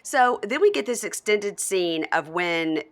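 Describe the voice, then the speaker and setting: Woman chatting on a podcast, acts out everyone's lines, really lively up and down voice. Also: medium pitch, a little slow. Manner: animated storyteller, acts out quoted lines in voices. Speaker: podcast co-host. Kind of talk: casual chat recapping a reality show.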